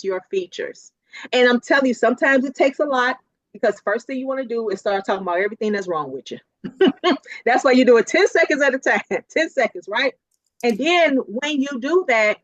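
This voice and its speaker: A woman with a fairly high voice gives a motivational talk, lively and quick to laugh, repeating her points for emphasis. The sound is dry and a little dull, like video call audio. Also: dry recording. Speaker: keynote speaker.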